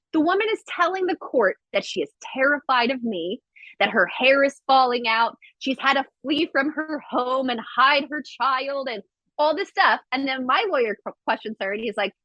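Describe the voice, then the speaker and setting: A woman guest on a podcast, telling a story in casual chat with lively quoted voices and blunt swearing. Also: high-pitched, moderate pace, no echo, lo-fi sound. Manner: animated storytelling, acts out quotes; swears freely.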